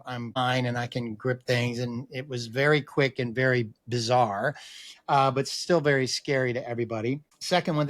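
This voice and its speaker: A middle-aged man, a podcast guest, telling a personal story in an animated way, acting out other people's voices and often restarting his sentences. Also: medium pitch, no room sound, studio quality. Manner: acts out quoted voices, frequent restarts.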